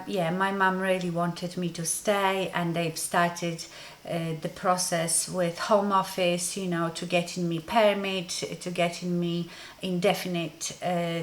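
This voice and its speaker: A woman from Poland with a Polish accent, a native Polish speaker, telling a personal story to her viewers in a rambling, conversational way, full of ums. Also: lowish voice. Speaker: beauty vlogger. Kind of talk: casual story-time monologue.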